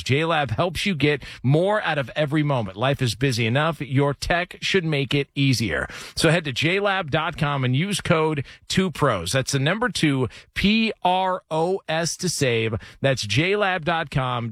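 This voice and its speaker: A man's voice: medium pitch, a bit bright, dry recording, clean studio sound. A man hosting a sports radio show, teasing upcoming segments and reading an ad. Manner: brisk, upbeat promo delivery. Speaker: host.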